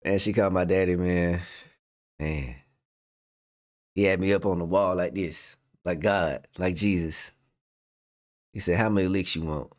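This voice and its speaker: A man's voice: low voice, fairly even intonation, measured pace, pauses often. A young man reacting to a clip with loose, slang-heavy commentary and a personal story, laughing often.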